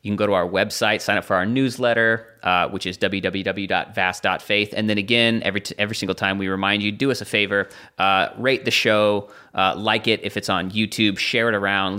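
A man's voice: fairly low pitch, flat delivery, fairly quick, few pauses, pushed and bright, clear, resonant tone. An American man hosting a podcast in a casual, upbeat and chatty way. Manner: upbeat, chatty, laughs at own pronunciation. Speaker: podcast host.

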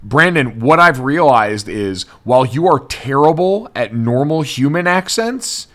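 A man's voice: mid-range voice, a little slow. A man hosting a sports podcast in casual, chatty talk full of asides. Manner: chatty, many "like" fillers, lively asides. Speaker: podcast host.

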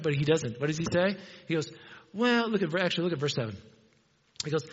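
A man with a high voice preaches a sermon, talking conversationally and asking his listeners questions. His voice trails off into a long hall reverb. The recording sounds dull and muffled. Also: lively intonation, brisk. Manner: conversational, asks the congregation questions.

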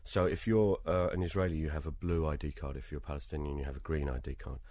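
A British man in an interview, telling travel anecdotes in a lively, conversational way and acting out other people's lines. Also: extremely low pitch, quick pace, no echo. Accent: British English. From Britain. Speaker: interview guest, travelling performer.

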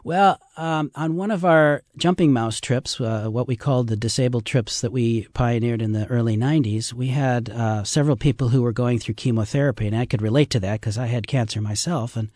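A man's voice: medium pitch, brisk, few pauses, a little mellow, no room sound, studio quality. Earnest folksy older man telling stories. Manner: earnest, folksy, full of fillers. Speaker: river rafting guide. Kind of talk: casual radio interview storytelling.

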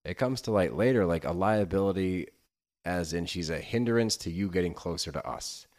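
Low-voiced exasperated man chatting. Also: normal speed, darkish tone. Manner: exasperated, swears freely. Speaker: podcast co-host. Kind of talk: casual chat.

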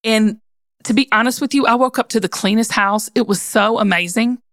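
A woman with a Southern accent hosting a podcast, chatting in a gushing, animated and folksy way. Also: fairly high pitch, fairly quick, no room sound, clean studio sound. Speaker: podcast host. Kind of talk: casual chat.

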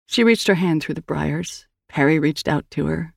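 A woman's voice: normal speed, gravelly, dry recording, clean studio sound. A woman reading an audiobook story aloud, lifting her voice for the characters' lines. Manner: voices characters with raised pitch. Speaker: audiobook narrator. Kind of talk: scripted audiobook narration.

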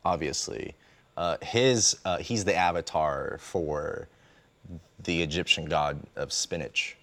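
A man co-hosting a casual podcast chat, giving deadpan mock explanations. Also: a bass voice, slow. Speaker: podcast co-host.

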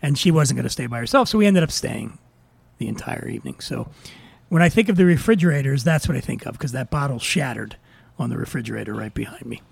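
Gravelly man telling a wild story. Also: mid-range voice, quick pace, no echo. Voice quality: gravelly, swearing freely. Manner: animated anecdote teller, acts out quotes. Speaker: podcast host. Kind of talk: casual storytelling chat.

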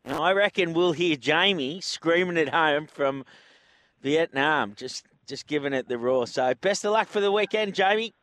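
A radio host chats about racing in a relaxed, friendly manner, his voice sitting a little higher than average. The sound is dry and close in a studio. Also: normal speed, dry recording. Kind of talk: casual radio chat.

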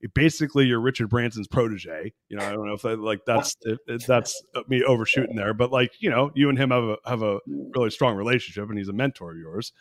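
A man's voice: medium pitch, fast, few pauses, dry recording, studio quality. A man in his forties hosting a podcast interview, enthusiastic and chatty. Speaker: podcast host.

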